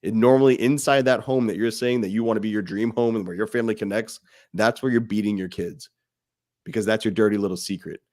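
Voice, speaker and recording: A man's voice: on the low side, steady tone, fast talker, darkish tone. A man co-hosting a fatherhood podcast, talking with passion and emphasis and swearing freely. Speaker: podcast co-host. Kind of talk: casual podcast discussion.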